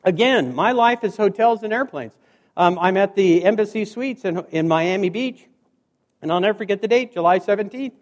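Male keynote speaker, animated, acts out dialogue, very expressive pitch, reverberant hall. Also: normal speed. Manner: animated storyteller acting out dialogue. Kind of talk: humorous motivational speech.

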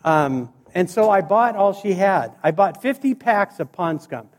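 A man doing storytelling stand-up comedy, animated and acting out the people in his stories. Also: sits high, measured pace. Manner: animated, acts out voices and scenes. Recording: reverberant hall.

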